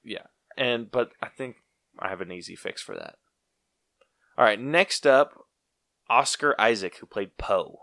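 A man's voice: on the low side, lively intonation, unhurried, creaky, long pauses, sharp tone, no echo, clean studio sound. A man co-hosting a podcast, talking casually and bluntly about a movie and laughing often. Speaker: podcast co-host. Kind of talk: casual movie review chat.

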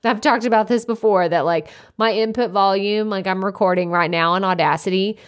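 Chatty loud-talking woman podcaster. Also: mid-range voice, a little fast. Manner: chatty, lots of "like" fillers, self-described loud. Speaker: podcast host. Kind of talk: casual solo podcast advice. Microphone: desktop USB microphone.

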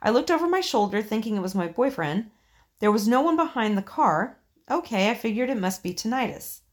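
A woman reading listener ghost stories on a podcast in a relaxed, chatty way. She swears offhandedly and laughs easily with her co-host. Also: fairly high pitch, fairly quick. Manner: swears casually, laughs often. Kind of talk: casual podcast chat and story reading.

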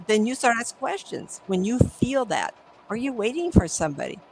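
A woman's voice: fairly high pitch, sing-song, brisk, a little mellow, slight background noise, low-quality recording. A middle-aged woman, a psychic medium, telling stories animatedly in an interview and acting out the voices. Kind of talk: conversational interview storytelling.

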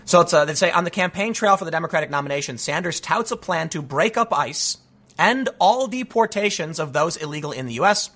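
A man giving an animated, sarcastic political commentary, talking casually and sounding a bit stuffy from allergies. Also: a little high, a little fast. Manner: animated and sarcastic, with frequent mocking voices. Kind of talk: casual opinion monologue.

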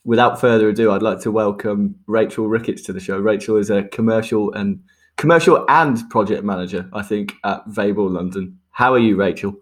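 A man's voice: fairly low pitch, a little fast. A man hosting a podcast in casual chat, joking and laughing often and repeating words as he goes. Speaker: podcast host.

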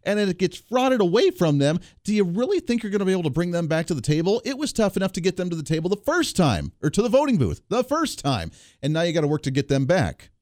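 A man's voice: sits high, sing-song, fast, a little mellow, dry recording. A man hosting a political talk radio show, speaking bluntly and sarcastically into a studio microphone.

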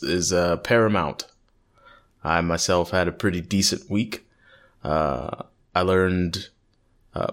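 A man hosting a podcast, chatting casually with jokes at his own expense and halting restarts. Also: deep voice, fairly bright tone. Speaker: podcast host.

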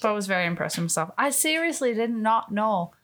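A woman's voice: mid-range voice, expressive, fast talker, a bit bright. A woman co-hosting a casual podcast chat, rambling through stories with restarts and swearing. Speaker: podcast co-host.

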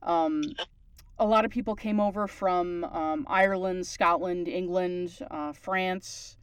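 A woman's voice: lowish voice, steady tone, slow pace, clean tone, dry recording, clean studio sound. A woman from Newfoundland with a townie accent, hosting a podcast and chatting at length in a casual way. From Newfoundland, Canada. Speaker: podcast host. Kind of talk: casual chat.

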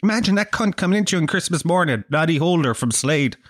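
A man's voice: fairly high pitch, animated, fast, dry recording, studio quality. A man ranting in a casual vlog, sweary and sardonic. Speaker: vlogger. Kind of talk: casual rant to camera.

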